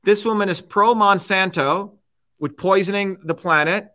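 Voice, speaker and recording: High-pitched, heated male commentator. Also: normal speed, pushed and bright. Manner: angry, combative, repeats points with "okay?". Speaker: host.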